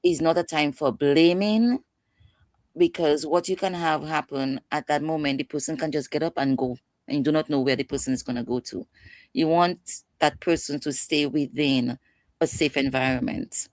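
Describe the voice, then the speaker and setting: Low-voiced woman explaining with passion. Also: moderate pace, a little mellow, no echo. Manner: passionate, emphatic, acts out quotes. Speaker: guest expert on mental health. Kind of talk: instructive interview talk.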